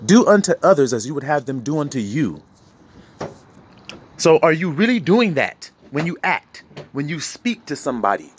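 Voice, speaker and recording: A man giving a preachy, freewheeling sermon, laughing often and swinging between loud and low. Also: sing-song, normal speed, a little hiss or hum. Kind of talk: street sermon.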